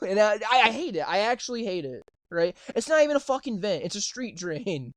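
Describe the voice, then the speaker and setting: Young male co-host, smooth and dry close-mic sound, rants and swears in casual gaming chat. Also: high-pitched, lively intonation, a little fast, few pauses, no room sound. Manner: profane, ranting, repeats "right?". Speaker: podcast co-host.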